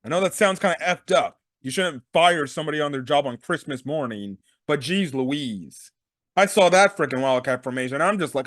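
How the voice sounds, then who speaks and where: A man rants through a game recap, his fairly high voice swinging wildly up and down. He fires off exasperated rhetorical questions in a dry, close-miked sound. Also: expressive, brisk, dry recording. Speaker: sports podcast host.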